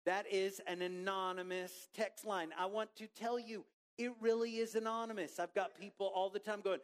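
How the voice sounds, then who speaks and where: A man preaching a sermon to a church congregation in a relaxed, conversational way, joking with the people in the room. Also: high voice, normal speed, clear, resonant tone. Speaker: pastor. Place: church auditorium.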